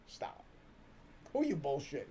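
A middle-aged man, co-hosting a casual reaction stream and ranting loudly with profanity and rapid repeated questions. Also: on the high side, very animated, slight background noise. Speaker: streamer's father, co-host.

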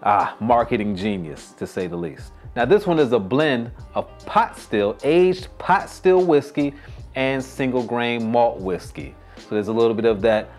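A man's voice: mid-range voice, darkish tone, faint music behind. Chatty man hosting a whiskey vlog. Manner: chatty and joking, with quick asides. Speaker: host. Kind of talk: casual whiskey review vlog.

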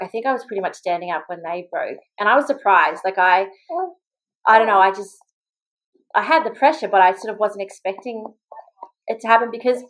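A woman's voice: medium pitch, low-quality recording. A young Australian woman, a mother, chatting as a podcast guest and telling her story with lots of "like" and quoted voices. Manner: chatty, quick, full of "like" and acted-out quotes. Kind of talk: casual storytelling in an interview.

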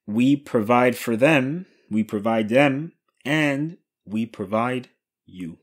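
A man teaching a grammar lesson, asking questions and answering them himself, repeating key phrases slowly. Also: mid-range voice, husky. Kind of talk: explanatory lesson.

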